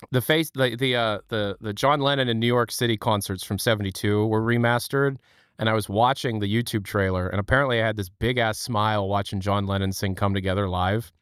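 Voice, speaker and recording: Smooth-voiced, chatty male streamer. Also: lowish voice, a bit bright, dry recording, clean studio sound. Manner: chatty, joking, swears, laughs often. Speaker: livestream host. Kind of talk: casual chat.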